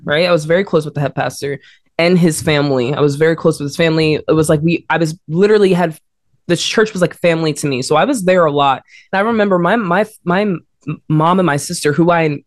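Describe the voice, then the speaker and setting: A woman guest in a conversation, telling a personal story with frequent restarts and laughter, jumping up in pitch to act out what people said. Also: no room sound, clean studio sound. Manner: animated, acts out quotes in a higher voice, frequent restarts and laughter. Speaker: interview guest.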